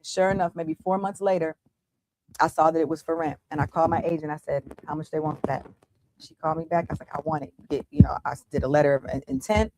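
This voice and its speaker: A middle-aged American woman, a business owner appearing as a guest entrepreneur, gives a candid interview and dramatically retells her past, often restarting her sentences. Her voice is low-pitched and quick, with a noisy background behind it.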